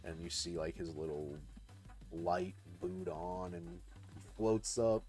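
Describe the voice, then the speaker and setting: A young man on a livestream casually pitching a story. He rambles, swears and fills every pause with "like". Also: darkish tone, faint music behind. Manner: rambling, heavy "like" filler, cursing. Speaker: artist streamer.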